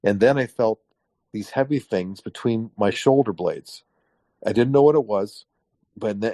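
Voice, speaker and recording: Low-voiced man telling a story, dry sound. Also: dry recording. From Canada. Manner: animated storyteller, acts out quoted voices. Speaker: guest. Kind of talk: casual interview storytelling.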